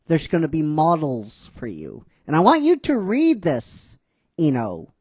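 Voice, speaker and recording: A man's voice: a little high, huge pitch swings, measured pace, a little mellow, husky, dry recording, full character voice. A man voicing an older woman village leader who scolds with mock seriousness. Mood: bossy.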